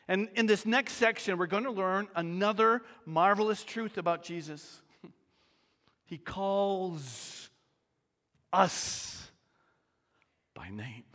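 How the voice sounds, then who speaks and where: A man preaching a sermon, slow and deliberate, sometimes dropping to near-whispers for emphasis. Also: high voice, fairly bright tone, long reverb tail. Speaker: pastor.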